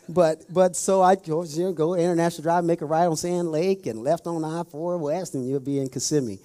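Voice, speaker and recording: Speaking briskly with few pauses, this middle-aged man's fairly high voice stays steady and has a dark tone. His conversational sermon is folksy and story-driven, and he addresses the audience directly with questions.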